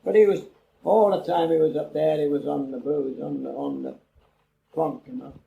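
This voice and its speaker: A man's voice: fairly high pitch, lively intonation, normal speed, creaky, narrow, tinny audio. An older man, telling a rambling oral-history story and acting out the dialogue. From England. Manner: rambling, acts out quoted dialogue. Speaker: interviewee. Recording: old cassette interview with faint hiss.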